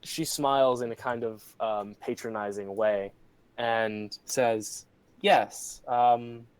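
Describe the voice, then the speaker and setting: A man's voice: fairly low pitch, fairly even intonation, slow, clear, resonant tone, no echo, rough recording. A man narrating as game master in an online tabletop game, casual and hesitant with many fillers, over a computer mic.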